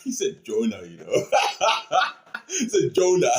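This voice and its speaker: A man talks through his reaction in an excited, casual way, his voice rising and falling a lot and sitting a bit high. He laughs often and keeps asking "you know what I mean". The sound is roomy, with a clear echo. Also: very slow, soft background music. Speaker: reaction video host.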